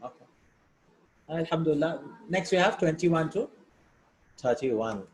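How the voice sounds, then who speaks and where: A man with a fairly high, expressive voice and a measured pace teaches Arabic, reading out words and sentences before breaking them down step by step in English. He checks in with "right?" between points, recorded in an echoey room with faint hiss behind him.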